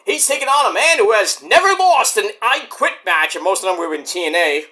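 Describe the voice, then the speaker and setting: An animated man rambles through wrestling chat, his voice swinging up and down as he goes. He swears freely and has a bright, forward tone. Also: high-pitched, a little fast. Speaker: podcast host.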